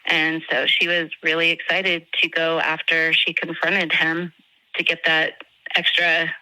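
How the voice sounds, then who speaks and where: An earnest woman recounts, in an emotional and halting way, a conversation with a friend, with plenty of fillers and restarts. Her voice is very bright and clear, and it sits close and dry on the mic with no room sound. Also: sits low, monotone, dry recording, poor audio. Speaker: friend of the victim.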